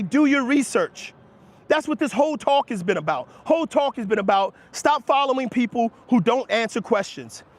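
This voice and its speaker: A man hosting a livestream, talking heatedly and emphatically to his chat, calling chatters by name and laughing off their replies while he argues about money. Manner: emphatic, argumentative, rising in pitch when making points. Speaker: livestream host answering chat. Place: outdoors near passersby.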